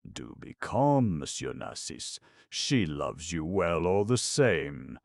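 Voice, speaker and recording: A man's voice: sits low, very animated, slow, gravelly, dry recording, clean studio sound, exaggerated voice. A chatty, fussing old aunt, as a man voices her. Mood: coaxing. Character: fussy, soothing provincial aunt, older woman.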